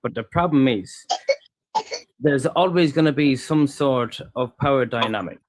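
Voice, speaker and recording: A man's voice: mid-range voice, unhurried, a little hiss or hum. A man earnestly explaining his view in a voice chat. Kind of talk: voice chat debate.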